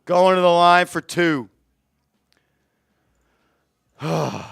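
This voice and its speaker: High-voiced excitable man calling the game. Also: very slow, vocal fry, clear, resonant tone, no echo, clean studio sound. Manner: excitable, shouts on big plays, reads chat aloud. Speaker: fan streamer calling play-by-play. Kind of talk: live fan play-by-play commentary.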